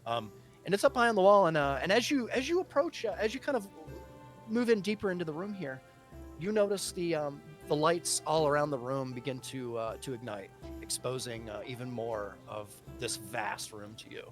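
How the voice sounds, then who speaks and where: A man narrating as game master of a tabletop game, halting and full of fillers and restarts. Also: a little high, expressive, soft background music.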